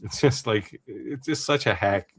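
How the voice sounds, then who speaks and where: A man co-hosting a livestream in casual chat, animated and quick to laugh, explaining things at length. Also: medium pitch, creaky, husky. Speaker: livestream co-host.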